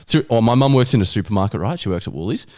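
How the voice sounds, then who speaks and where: Podcast host, young Australian man, lowish voice, rattles off blunt banter. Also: expressive, darkish tone. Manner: rapid, blunt, swears freely. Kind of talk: casual podcast chat.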